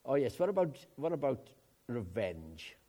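An older man from Wales preaching a sermon, swinging between loud emphatic outbursts and quiet asides. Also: medium pitch, very animated, measured pace, slightly rough. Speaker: pastor.

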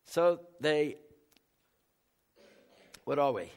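An older man preaches a sermon in a loose, conversational way, teasing his congregation. His voice sits a little high for a man, and he swings from loud outbursts to quiet asides. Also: animated, extremely slow, creaky, clear, resonant tone. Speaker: pastor.

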